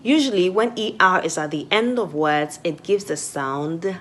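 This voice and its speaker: A woman from Ghana teaching French pronunciation, saying each example word twice with clear emphasis. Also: lowish voice, normal speed, fairly bright tone. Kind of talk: pronunciation lesson.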